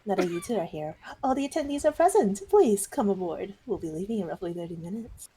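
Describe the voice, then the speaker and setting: Perky tour guide guy, woman doing the voice, slow and announcer-ish. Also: mid-range voice, expressive, warm tone, breathy edge. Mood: chipper. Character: chipper male tour guide.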